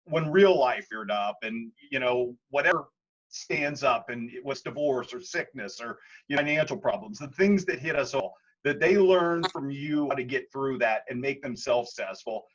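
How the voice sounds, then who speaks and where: A man's voice: medium pitch, lively intonation, moderate pace. A man interviewing a coach, asking long, wordy questions. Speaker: sports interviewer. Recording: muffled lo-fi audio.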